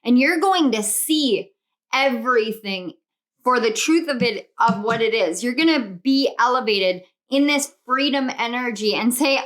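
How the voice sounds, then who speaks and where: A woman's voice: a little high, unhurried. A young woman doing a pick-a-card tarot reading, gushing and exclamatory as she speaks to her viewers. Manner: gushing, excitable, spiritual, exclamatory. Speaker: tarot reader.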